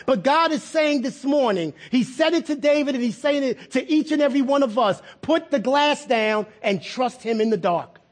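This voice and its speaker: High husky-voiced male pastor preaching. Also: moderate pace, hardly any pauses. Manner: conversational preaching with repeated words and rhetorical questions. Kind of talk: sermon.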